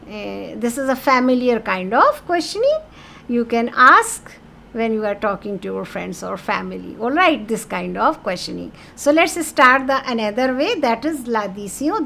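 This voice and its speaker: A woman's voice: on the high side, expressive, moderate pace, vocal fry, fairly bright tone, slight background noise. A woman teaching a French lesson in English, explaining patiently and repeating key words with French phrases mixed in.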